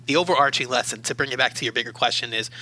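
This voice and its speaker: A man from Baltimore, a university academic adviser, telling personal stories as an interview guest in a measured, thoughtful way. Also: medium pitch, fairly even intonation, pushed and bright, poor audio. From Baltimore, USA. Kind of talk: reflective interview storytelling.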